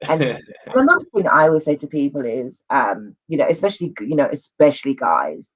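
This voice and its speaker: A man's voice: a little high, big pitch swings, brisk, a bit bright. A man speaking as an interview guest on men's mental health, earnest and rambling, often repeating himself. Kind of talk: casual conversational interview. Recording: dull lo-fi audio.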